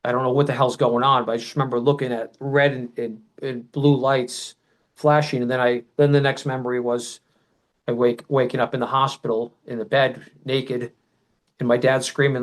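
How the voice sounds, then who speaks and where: Through poor audio, a middle-aged podcast guest shares an emotional personal memory at length, his pitch ordinary and mid-range, his tone level, his speed normal. He rambles and circles back, restarting sentences and erupting into loud quoted shouts of what others said.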